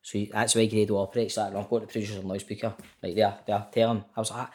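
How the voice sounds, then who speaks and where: A Scottish actor on a remote call chats loosely about his work, relaxed and unguarded. His fairly low voice moves fast with few pauses as he tells stories, keeps saying "mate" and swears freely.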